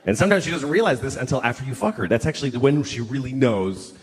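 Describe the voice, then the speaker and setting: A sardonic man doing a stand-up set on a club stage, building to shouted rants, over a loud crowd. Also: mid-range voice, animated, fast, faint music behind. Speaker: stand-up comedian.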